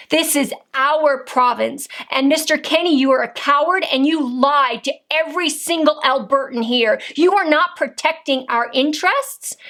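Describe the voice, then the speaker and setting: A woman's voice: sits high, a bit bright. A woman delivering an angry political rant to camera, indignant and combative, firing rhetorical questions. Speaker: political vlogger.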